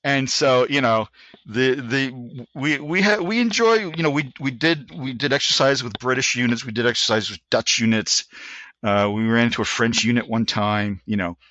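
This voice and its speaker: A man in his sixties tells a story in a bright, forceful voice, full of restarts and acted-out quotes. The recording is dry and slightly dull, like a modest podcast setup. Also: medium pitch, normal speed, no room sound. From United States. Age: 60s. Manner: animated, frequent restarts, acts out quotes. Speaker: guest, Army veteran. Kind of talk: anecdotal storytelling in a podcast interview.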